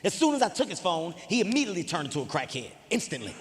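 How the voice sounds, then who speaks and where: A man's voice: high-pitched, racing, in a large hall, a little hiss or hum. A man doing stand-up comedy, telling exasperated stories with lots of energy. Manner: animated, exasperated storytelling.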